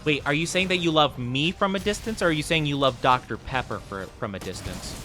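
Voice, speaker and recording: Music plays in the background as a young man with a slightly high voice and lively intonation chats on a game live stream. He jokes playfully, laughing quickly and breaking into mock self-pity.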